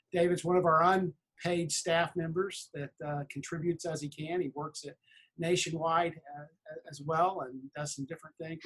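A man hosting a church podcast, introducing guests in a halting way with many fillers. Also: on the high side, poor audio. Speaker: podcast host. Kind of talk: casual podcast chat.

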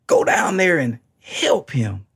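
Preacher, sermon, slow delivery, swooping pitch, husky gravelly voice, emphatic repetition. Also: wildly swooping pitch, fairly bright tone. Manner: emphatic, repeats key phrases, laughs often.

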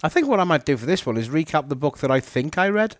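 A man co-hosting a podcast, musing through a book in relaxed chat with dry asides. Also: on the high side, fast, a little hiss or hum. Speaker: podcast co-host. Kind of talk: casual chat recapping a book.

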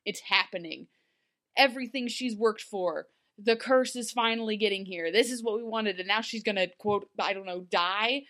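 A chatty woman co-hosting a casual podcast, her voice sitting at an everyday middle pitch. She talks loosely and animatedly, full of fillers and little laughs as she recaps. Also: normal speed, a bit bright. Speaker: podcast co-host.

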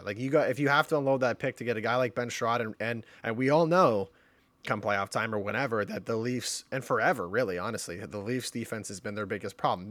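A man co-hosting a sports podcast, chatting casually and hesitantly, often trailing off quietly. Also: lowish voice, dry recording. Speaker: podcast co-host.

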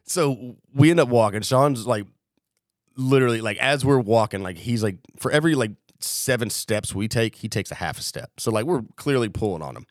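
Profane, animated young man telling stories. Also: mid-range voice, normal speed, no room sound, studio quality. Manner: animated, profane, acts out quotes. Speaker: podcast co-host. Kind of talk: casual storytelling.

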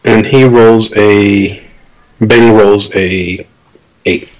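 A man playing a tabletop game, speaking in character in a gruff, matter-of-fact way. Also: fairly low pitch, steady tone, extremely slow. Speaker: player.

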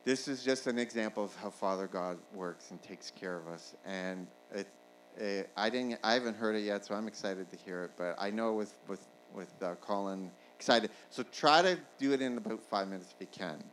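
A male pastor preaching a sermon, rising to shouts at the peaks and asking the congregation "Amen?" along the way. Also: fairly low pitch, moderate pace, slight background noise, low-quality recording.

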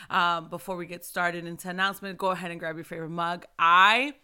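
Bright-voiced woman hosting a faith chat. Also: lowish voice, a little fast, clear, resonant tone. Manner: lively, laughs often, animated retellings. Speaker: host of a Christian ministry video show. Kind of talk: casual heartfelt chat. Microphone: microphone in front of her.

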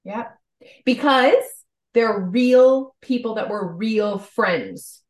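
A woman with a slightly high voice draws out her words in an echoey room. She co-hosts a podcast and chats casually, her talk full of "like" fillers.

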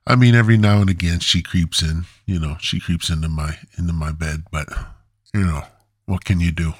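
A man's voice: sits low, steady tone, a little fast, slightly rough, no echo, clean studio sound. A man hosting a podcast alone, rambling in a meandering, crude, zoned-out way. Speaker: podcast host. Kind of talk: casual rambling monologue.

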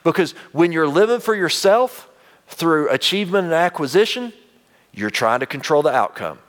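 Earnest pastor preaching. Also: male voice, fairly high pitch, sing-song, normal speed. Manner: conversational preaching, earnest, frequent restarts, dropping to quiet intensity. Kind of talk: sermon.

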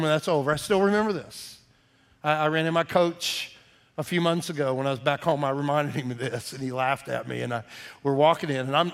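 A middle-aged man, a pastor preaching a sermon in a folksy, animated storytelling manner. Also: medium pitch, creaky.

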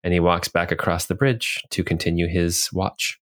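Low-voiced man running a tabletop game. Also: moderate pace. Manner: relaxed, with filler ums. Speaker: game master.

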